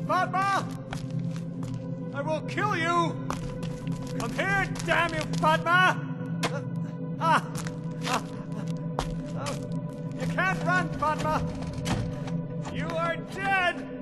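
An actor playing a vicious male drug boss who uses children, hurling threats and sneering. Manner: shouting threats, then low menacing sneer. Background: music score.

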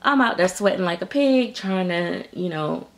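A middle-aged woman talks casually to her viewers. Her voice sits a bit low and has a gravelly edge. She rambles, circles back and fills her sentences with "like" and "um.". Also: lively intonation, normal speed. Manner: rambling, many fillers and restarts. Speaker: reborn doll artist and vlogger.

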